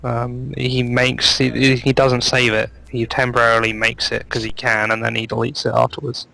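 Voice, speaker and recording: A man's voice: medium pitch, flat delivery, normal speed, vocal fry, bright, forceful tone, low-quality recording. A man hosting a casual chat show, joking and teasing the others and laughing often. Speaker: podcast host.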